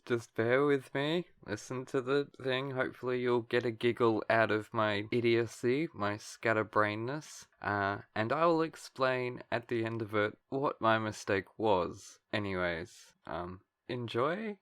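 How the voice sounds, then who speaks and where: A man's voice: mid-range voice, unhurried, few pauses, fairly bright tone, clean tone, no echo, clean studio sound. An Australian man hosting a podcast, chatty and self-mocking. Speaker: podcast host. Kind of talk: casual chat.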